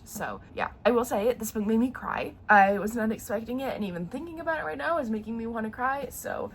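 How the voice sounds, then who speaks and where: A woman's voice: medium pitch, a little hiss or hum. A young woman vlogging about books in casual chat, sounding nasal from a sore throat, emotional and full of fillers and restarts. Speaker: book vlogger.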